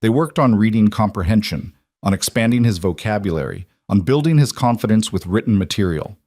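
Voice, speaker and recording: Male narrator, low voice, dry close mic; calm, measured scripted story reading. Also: no echo.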